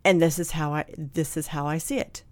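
A woman telling a personal story in a candid, blunt, animated way, acting out what people said. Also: sits low, a little fast, no echo. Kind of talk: casual storytelling chat.

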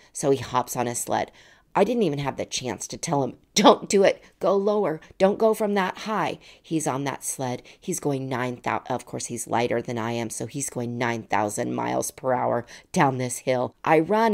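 Low, gravelly-voiced woman telling a story. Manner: animated, laughing, acts out quoted voices. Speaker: podcast host telling a personal story. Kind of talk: casual storytelling.

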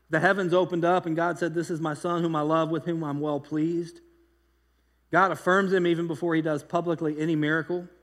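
A pastor preaching a sermon in a loose, conversational way, telling stories with lively energy and frequent restarts. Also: male voice, fairly high pitch, in a large hall. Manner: conversational, animated storytelling with repeated restarts.

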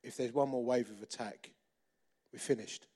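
A man's voice: medium pitch, fairly even intonation, normal speed, warm tone, slightly rough, voice pushed down, lightly acted. A man voicing a grave senior British air officer, speaking in a clipped English accent with a grim manner.

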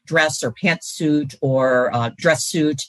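Woman, 60s, from central Wisconsin. A historian and pastor, thoughtful and measured. Dry studio sound. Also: sits low, no room sound, poor audio. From central Wisconsin, USA. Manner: thoughtful, measured, with frequent fillers and restarts. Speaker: guest, historian and Lutheran pastor. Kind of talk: reflective interview answers.

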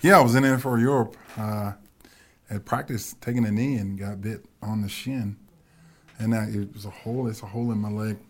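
A man's voice: on the low side, fairly even intonation, brisk. A man, a football coach and guest, telling stories in a casual podcast chat and laughing as he talks. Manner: storytelling, laughs while talking.

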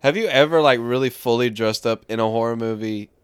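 A young man from Texas tells animated, profane stories in a casual podcast chat. His voice sits at an average pitch and is recorded dry and close, with no room sound behind it. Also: a little fast, clean tone, no echo. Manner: storytelling, animated, swears freely. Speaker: podcast host.

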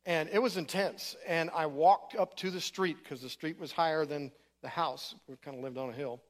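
A man's voice: fairly high pitch, moderate pace. A middle-aged man preaching in a church, telling his story in a casual, conversational way. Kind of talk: sermon testimony.

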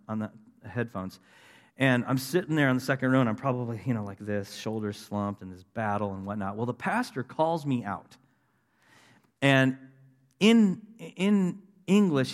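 Middle-aged guy preaching his story, earnest, mid-pitch voice, big echoey hall. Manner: earnest storytelling, rising to emphatic declarations. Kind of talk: testimony sermon. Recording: long reverb of a large hall.

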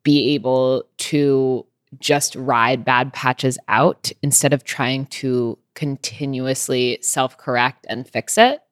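A woman's voice: a bass voice, steady tone, takes it slowly, clean tone, no echo, studio quality. A woman hosting a conversation, speaking in a thoughtful, affirming way. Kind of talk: reflective conversational chat.

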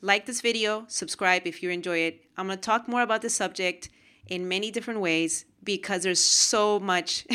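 A woman from Peru talking to camera about her own experiences, with animated, emotional storytelling. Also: on the low side, clear, resonant tone. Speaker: host. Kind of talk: casual monologue to camera.

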